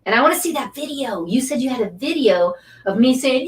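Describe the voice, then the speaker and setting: A woman's voice: on the high side, lively intonation, fast, far from the mic. Effusive woman cheering on her live viewers. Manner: effusive and chatty, full of cheers and encouragement. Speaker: angel card reader and Reiki teacher hosting a live stream. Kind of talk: casual live-stream chat, greeting and answering viewers.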